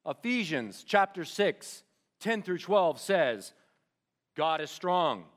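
A man preaching to a group of students, reading scripture aloud and talking to them directly with animated, shifting delivery that drops to quiet emphasis. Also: a little high, slow pace. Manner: asks the audience questions directly. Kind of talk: sermon.

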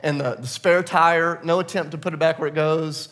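A man's voice: fairly high pitch, moderate pace. A man preaching a sermon, telling a personal story in a conversational, self-deprecating way before moving into scripture. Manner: conversational, self-deprecating, animated retelling with laughs. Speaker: pastor.

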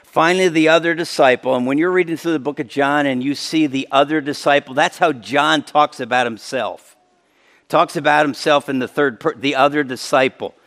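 A man delivers a sermon in a conversational, explanatory way, his fairly high voice jumping up for emphasis and then dropping low and quiet. Long reverb from a large hall trails behind his words. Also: normal speed. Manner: conversational preaching with sudden emphatic rises and soft drops. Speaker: pastor.

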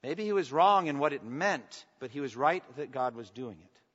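A man preaching a sermon as pastor, swinging from emphatic declarations to soft, intimate asides and asking the congregation for response. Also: on the high side, expressive, normal speed. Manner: preaching with rising emphasis, then dropping to soft, intimate lines. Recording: long reverb, dull lo-fi sound.

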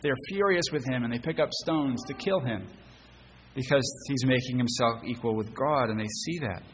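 A man's voice: medium pitch, moderate pace, slightly rough, long reverb tail, rough recording. A man preaching a sermon as pastor. He speaks earnestly, poses rhetorical questions and often repeats words as he rephrases. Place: church sanctuary.

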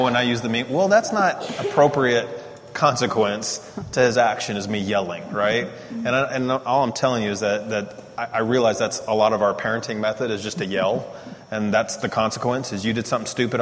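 A man's voice: lowish voice, a little fast, slight background noise. Man talking about parenting in a reverberant hall. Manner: animated storytelling, laughs at himself. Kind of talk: casual teaching talk.

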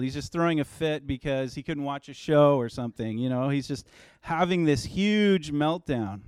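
A man in his thirties, a pastor giving a relaxed, conversational sermon with personal stories. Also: fairly high pitch, moderate pace, smooth, no echo.

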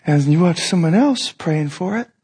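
A man with a high voice preaching a sermon. He talks conversationally, with asides and restarts, and acts out quoted voices with his pitch rising. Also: lively intonation, normal speed, mellow, breathy edge. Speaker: pastor.

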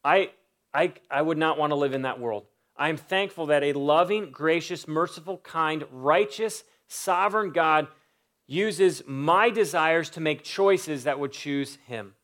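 A man's voice: fairly high pitch, a little slow, a bit bright. A man preaching a sermon, building emphatic lists and stressing key words. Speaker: pastor.

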